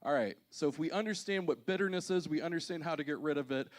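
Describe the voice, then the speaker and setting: A man's voice: fairly high pitch, quick pace. A man in his thirties, a pastor preaching a sermon to a church congregation, telling self-deprecating funny stories. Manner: humorous, self-deprecating storytelling. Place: church auditorium.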